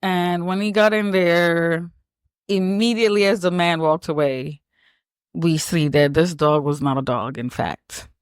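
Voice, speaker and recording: A woman co-hosting a podcast, retelling a film scene in a lively, blunt, joking way. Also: on the low side, a little slow, smooth, no room sound, studio quality. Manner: animated storyteller, acts out characters, blunt and profane. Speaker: podcast co-host. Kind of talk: casual movie recap chat.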